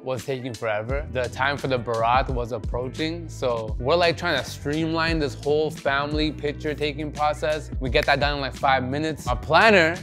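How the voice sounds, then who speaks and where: Upbeat joking groom. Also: male voice, medium pitch, moderate pace, few pauses, music in the background. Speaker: groom and vlogger. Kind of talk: casual vlog chat.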